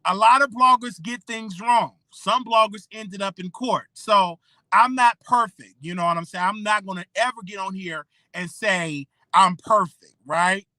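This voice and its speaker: A blogger in their thirties, hosting a solo commentary show. The voice is bright and forceful, and the speaker talks emphatically, tossing "okay?" at the audience. It is recorded close and dry, with no room sound. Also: mid-range voice, a little slow, dry recording. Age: 30s. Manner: emphatic, repeats "okay?" and "you know what I'm saying".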